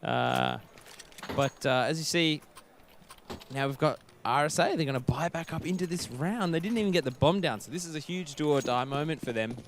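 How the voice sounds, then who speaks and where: A man casting an esports match, giving steady play-by-play commentary with frequent fillers. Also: a little high, normal speed, slight background noise. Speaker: esports caster.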